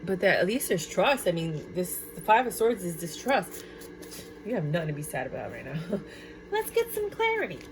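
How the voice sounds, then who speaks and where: Woman tarot reader, casual and chatty, excitable and exclamatory. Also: mid-range voice, slight background noise. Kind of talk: casual tarot card reading.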